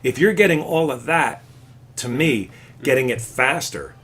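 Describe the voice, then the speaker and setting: A man teaching a live classical guitar lesson, explaining patiently and warmly encouraging his student. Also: medium pitch, expressive, a little slow.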